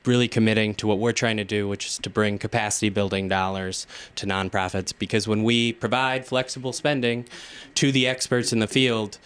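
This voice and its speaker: A man's voice: on the low side, little pitch movement, fairly quick, a bit bright, smooth. A man speaking casually at a community event, thanking others and quoting friends. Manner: casual, grateful, quotes others. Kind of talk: speech at a public event.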